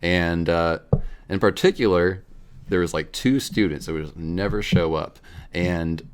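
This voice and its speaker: A man's voice: low-pitched, measured pace, clear, resonant tone. A young man co-hosting a casual talk show, rambling and laughing as he tells a story. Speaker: podcast co-host.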